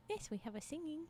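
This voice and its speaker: A woman streamer with a high-pitched, warm voice reads a story aloud and chats casually, with a little hiss or hum in the recording. Giggly and exclamatory, she reacts often to her chat.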